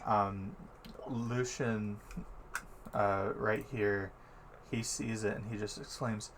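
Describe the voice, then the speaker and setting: A laid-back man running a tabletop game, narrating scenes with plenty of ums and easy laughter. His voice sits fairly low and moves slowly. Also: fairly even intonation, fairly bright tone, a little hiss or hum. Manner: laid-back, many fillers, laughs easily. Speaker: game master.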